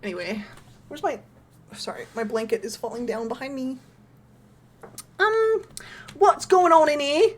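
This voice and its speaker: A young woman streaming a horror game, excitable, laughing often and swearing casually. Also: high voice, a little slow, pauses often, a little hiss or hum. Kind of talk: casual gameplay commentary.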